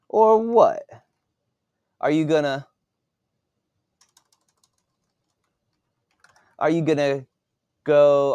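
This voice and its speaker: A man's voice: mid-range voice, clean tone, dry recording, voice pushed up. A man voicing a sneering young noble bully who taunts with venom and mockery.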